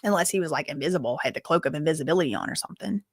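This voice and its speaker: A woman's voice: sits low, animated, rapid-fire, husky, no room sound, studio quality. A woman hosting a live news commentary stream, reading updates and adding casual, rambling asides.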